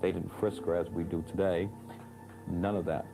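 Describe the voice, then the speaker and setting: A man's voice: low-pitched, little pitch movement, normal speed, creaky, mellow, rough recording. A man interviewed for a documentary, reasoning bluntly and skeptically. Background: music bed.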